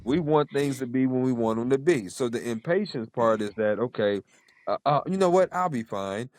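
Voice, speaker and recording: A man's voice: mid-range voice, animated, moderate pace, a little mellow, no room sound. A man hosting an interview podcast, affirming his guest and repeating phrases for emphasis. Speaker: podcast host.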